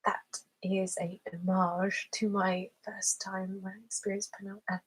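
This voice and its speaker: A young woman hosting a casual whispered live-stream chat, soft-spoken and chatty, with lots of "like" fillers. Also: mid-range voice, flat delivery, measured pace, low-quality recording. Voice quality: soft, breathy, often whispered. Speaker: ASMR host.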